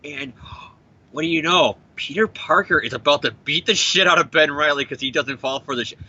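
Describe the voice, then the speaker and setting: A man's voice: on the high side, a little fast, bright, forceful tone, dull audio. A man co-hosting a comic book podcast, ranting in a profane, jokey way about the story. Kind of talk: casual comic review chat.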